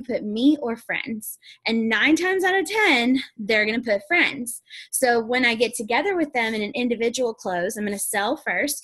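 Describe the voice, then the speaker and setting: A woman's voice: on the high side, fairly bright tone, no room sound. A young woman on a video call, giving an upbeat, chatty sales training talk, laughing often and acting out customers. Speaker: sales team leader.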